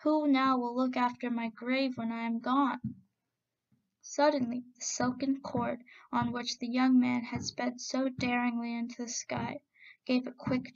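A woman narrating a folk tale in a steady, expressive reading voice. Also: on the high side, creaky, muffled recording. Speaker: storyteller. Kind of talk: storybook narration.

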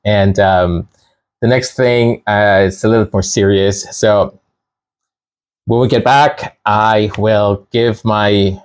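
A man's voice: on the low side, steady tone, takes it slowly, clean tone. A middle-aged man from Canada talking casually to his viewers, chatty and rambling, often laughing and restarting his sentences. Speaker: channel host. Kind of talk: casual commentary monologue.

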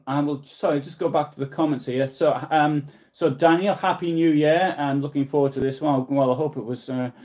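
A man with a Newcastle accent hosting a live history stream. He translates a diary aloud in a halting way, stops to explain and correct himself, and reads out viewer comments from his house. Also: medium pitch, a little mellow. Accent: Newcastle English. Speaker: history livestream host.

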